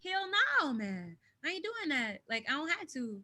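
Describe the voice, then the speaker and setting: A woman's voice: sits high, moderate pace. A woman from the United States speaking candidly as an interview guest, emphatic and outspoken, on a video call from home. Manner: emphatic, animated, speaks her mind.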